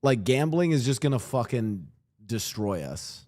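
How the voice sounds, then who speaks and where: A man's voice: mid-range voice, big pitch swings, unhurried, darkish tone. A young man hosting a casual reaction stream, rambling and swearing with frequent restarts, on a streaming mic at home. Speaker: streamer and podcast host.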